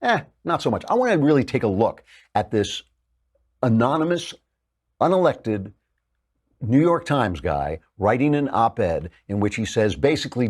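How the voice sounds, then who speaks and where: A man's voice: mid-range voice, fairly quick. A man hosting a political talk show, delivering sarcastic, mocking commentary. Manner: sardonic, mocking, lively.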